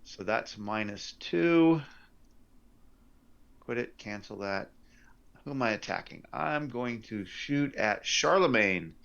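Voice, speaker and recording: Brief: male game master, low gravelly drawl, unhurried, muffled lo-fi stream audio. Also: expressive, a bit bright. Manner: thinks aloud over dice rolls, unhurried. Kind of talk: running a tabletop game. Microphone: headset or desk mic on a live stream.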